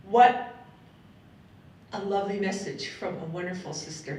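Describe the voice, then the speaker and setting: A woman's voice: measured pace, darkish tone. A middle-aged woman telling her personal story to a panel audience, heartfelt and rambling, laughing between thoughts. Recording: echoey hall, voice from a distance, faint rumble.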